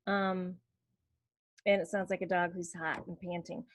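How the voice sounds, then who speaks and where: A woman's voice: on the low side, little pitch movement, a little slow. A woman explaining and demonstrating letter sounds for teaching children, modelling each sound. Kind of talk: instructional explanation.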